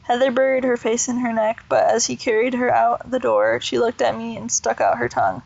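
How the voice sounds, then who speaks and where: A woman reading a children's novel aloud in a steady, plain way with small slips. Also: on the high side, fairly quick, gravelly, lo-fi sound. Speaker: reader.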